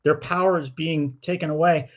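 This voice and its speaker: A middle-aged man co-hosting a casual political chat, speaking haltingly and repeating words as he thinks. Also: fairly high pitch, fairly even intonation. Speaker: podcast co-host. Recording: dull lo-fi audio.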